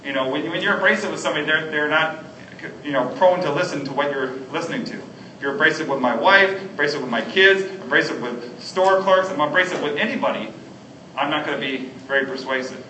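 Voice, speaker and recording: A man's voice: on the high side, fairly quick, pushed and bright, slight background noise. A man preaching a sermon as a pastor, earnest and stumbling over restarts and fillers. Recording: echoey hall, distant mic, faint ambience.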